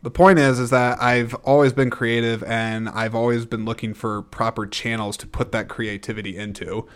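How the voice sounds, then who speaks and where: A man's voice: medium pitch, little pitch movement, normal speed, clean tone. A man in his thirties hosting a podcast, talking casually and rambling as he thinks aloud, with frequent restarts. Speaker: podcast host. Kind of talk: casual solo monologue.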